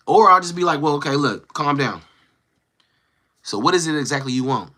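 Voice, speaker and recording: A man hosting a casual livestream, talking to his chat in a slangy, animated way and acting out quoted lines. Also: fairly high pitch, fairly quick, pauses often. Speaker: livestream host. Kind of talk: casual livestream chat, reading viewer comments.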